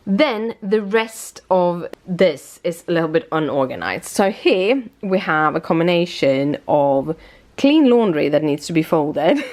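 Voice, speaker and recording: A young woman with a somewhat low voice and a light British tinge chats casually at home. She sounds worn out, and she rambles and corrects herself as she talks. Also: a little mellow. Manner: rambling, self-correcting, chatty. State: tired. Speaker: vlogger. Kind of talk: casual vlog chat.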